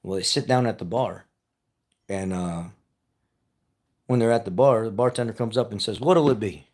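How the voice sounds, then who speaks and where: A man's voice: on the low side, normal speed, a little mellow. Regular guy rambling through a story, repeats himself a lot, laughs at himself. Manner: rambling, repeats himself, chuckles at his own stories. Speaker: vlogger. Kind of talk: casual storytelling.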